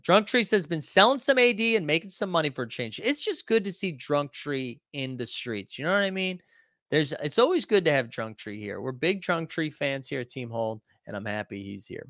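A man hosts a casual livestream, reading viewer comments in a loose, rambling style full of fillers and restarts. His voice sits at medium pitch with a fairly bright tone. The sound is studio quality with no room sound.

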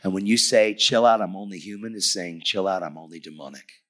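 A middle-aged man preaching a lively sermon, telling stories animatedly and shouting at the peaks. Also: low-pitched, brisk.

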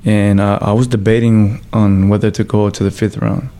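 A professional fighter telling stories in a casual interview, loose and full of swearing, with fillers like "you know" and "like.". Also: male voice, fairly low pitch, little pitch movement, moderate pace, dark tone.

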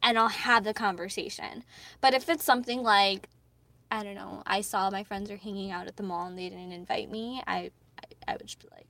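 A woman's voice: mid-range voice, steady tone, brisk, fairly bright tone. A woman in her twenties co-hosting a podcast, chatting casually with lots of fillers and giggles. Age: 20s. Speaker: podcast co-host. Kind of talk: casual chat.

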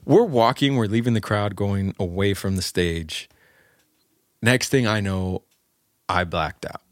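A man's voice: on the low side, measured pace, no room sound, clean studio sound. A man in his thirties co-hosting a podcast, telling stories in a laid-back way, swearing freely and laughing mid-sentence. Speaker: podcast co-host. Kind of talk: casual podcast chat.

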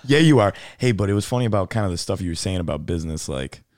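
A man's voice: deep voice, rapid-fire, a little mellow, no room sound, studio quality. A man hosting a podcast, chatting casually in a rambling way full of "like" and swearing. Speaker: podcast host. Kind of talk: casual chat.

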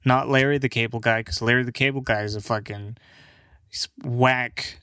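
A young man rambling casually through a word list, halting and stammering, swearing and laughing along the way. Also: medium pitch, steady tone, pushed and bright, clear, resonant tone, dry recording, clean studio sound. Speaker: language video maker.

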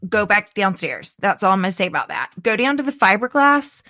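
A middle-aged woman in casual chat, animated and dramatic, laughing often. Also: medium pitch, fast, no echo, studio quality.

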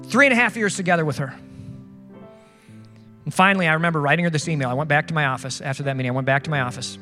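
A man's voice: on the high side, very fast, long pauses, bright, forceful tone, in a large hall, soft background music. A male pastor preaching a sermon in an earnest, conversational way, often asking rhetorical questions.

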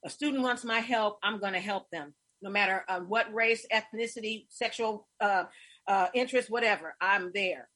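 A middle-aged woman hosting a casual interview, telling stories with warmth and getting emotional, her voice husky. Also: mid-range voice, normal speed. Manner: effusive, storytelling, emotional. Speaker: host.

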